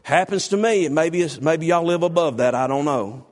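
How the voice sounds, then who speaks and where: Preacher guy, middle aged, fairly high voice, gets loud and fired up calling out folks in the pews. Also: animated, moderate pace. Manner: rising to loud exhorting, calls on congregation by name. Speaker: pastor. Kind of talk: sermon.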